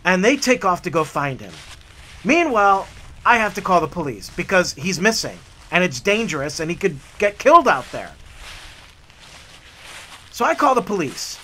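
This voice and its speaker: A man in casual, animated storytelling on a hike along a forest trail. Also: sits high, moderate pace, long pauses, slight background noise. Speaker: hiking vlogger.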